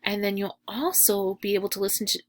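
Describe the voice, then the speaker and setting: A young adult woman teacher, talking casually to her class in a recorded message, with lots of fillers and warmth toward her students. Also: medium pitch, steady tone, fairly quick. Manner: chatty, filler-heavy and affectionate.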